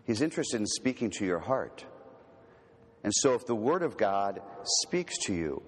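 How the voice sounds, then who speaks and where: A man giving a teaching talk on prayer, gentle and unhurried, slowing and softening on key words. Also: lowish voice, husky. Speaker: retreat speaker. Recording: long hall reverb.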